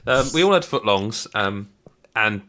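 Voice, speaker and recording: A man hosting a podcast in casual chat, an animated storyteller who laughs often. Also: fairly low pitch, unhurried. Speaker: podcast host.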